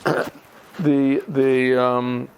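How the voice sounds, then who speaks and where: A man, a rabbi, giving an informal Torah lesson, often clearing his throat and restarting his sentences as he thinks aloud. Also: mid-range voice, flat delivery, drawn-out words, a little mellow, slight background noise. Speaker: rabbi teaching a yeshiva class.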